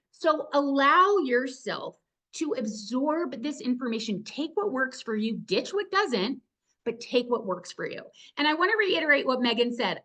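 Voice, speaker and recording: A woman's voice: high voice, sharp tone. A woman presenting a video-call workshop, talking to her audience with enthusiasm and urging them to join in. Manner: enthusiastic, upbeat, direct to audience. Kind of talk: energetic webinar teaching.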